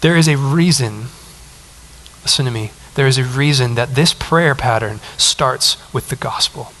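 A man's voice: medium pitch, a little slow, a bit bright. A pastor in his thirties preaching a sermon in a conversational, emphatic way, with asides to the congregation.

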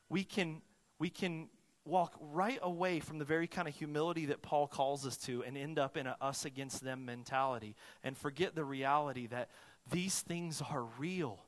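Preaching man in a reverberant church hall. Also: a little high. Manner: dynamic preaching, swinging from loud urgent emphasis to hushed earnest tones. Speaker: pastor. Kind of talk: sermon.

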